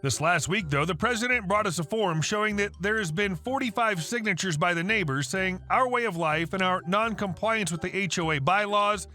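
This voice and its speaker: A man narrating reddit stories in a brisk, animated reading style. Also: high-pitched, soft background music. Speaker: story narrator.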